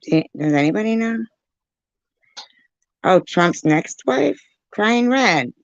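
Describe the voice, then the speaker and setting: Slow, gravelly woman on a livestream. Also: mid-range voice, animated, no room sound, dull audio. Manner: confused, pleading with chatters, laughing often. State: dry mouth. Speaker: livestream host reading live chat. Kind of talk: casual livestream chat.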